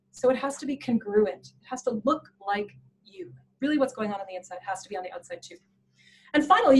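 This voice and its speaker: A woman presenting a professional development workshop in an animated, playful way, laughing often. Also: high voice, poor audio. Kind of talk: workshop talk.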